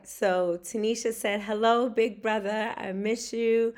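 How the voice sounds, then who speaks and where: Slow-talking woman livestream host. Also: mid-range voice, steady tone. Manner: warm, emotional, drawls words out. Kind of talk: casual livestream talk.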